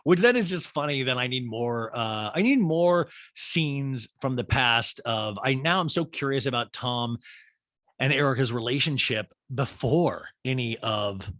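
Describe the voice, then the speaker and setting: A man from Kansas hosting a podcast, recapping TV with rambling, animated comedy and frequent laughs. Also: medium pitch, a little slow, dry recording, studio quality. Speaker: podcast host.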